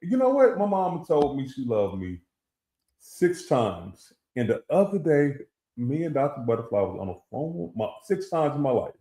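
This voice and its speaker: A man's voice: a little high, very animated, normal speed, dark tone. Storytelling man in an echoey room. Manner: storytelling, acts out quoted voices. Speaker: co-host. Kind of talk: casual chat.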